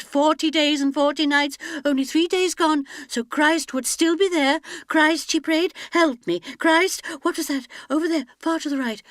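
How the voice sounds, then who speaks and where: A woman's voice: high voice, no echo, clean studio sound. A woman narrating an audiobook dramatically, often dropping to a whisper.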